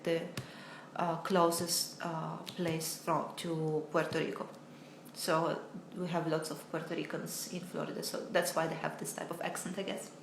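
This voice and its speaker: A woman, an English teacher talking in a live online Q&A lesson and pausing often on filler sounds. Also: lowish voice, slight background noise. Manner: hesitant, many filler sounds, reads viewer comments aloud. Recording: roomy echo.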